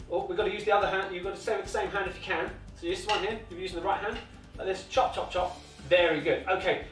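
High-voiced British man coaching toddler tennis. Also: steady tone, fast talker, a bit bright. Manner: encouraging, sing-song, repetitive instructions. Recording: echoey room, mic at a distance, faint music.

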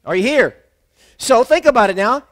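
Pastor, male, very high and bright-toned, emphatic sermon with call-and-response. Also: lively intonation, moderate pace. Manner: emphatic, repetitive, calls on the congregation to respond. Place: church.

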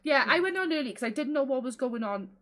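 A woman's voice: high-pitched, expressive, fast, a bit bright. A woman livestreaming a video game, chatting casually and giggling, calling people lovely. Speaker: gaming livestreamer.

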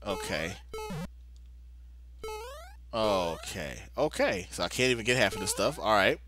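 Young guy muttering through a game, pitch all over the place, loud game music behind. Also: big pitch swings, a little slow. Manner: talkative, exasperated muttering, playful drawl. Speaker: let's play gamer. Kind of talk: casual game commentary.

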